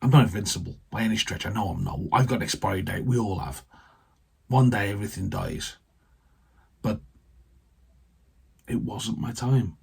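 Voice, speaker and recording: A British man, a vicar, giving a heartfelt personal faith testimony that halts and often trails off softly. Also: fairly low pitch, normal speed, creaky, pauses often, husky.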